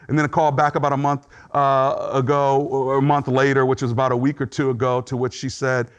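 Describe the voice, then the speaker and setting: A man's voice: mid-range voice, little pitch movement, fairly quick. A man preaching a sermon as pastor, speaking earnestly and conversationally, dramatizing the thoughts he describes.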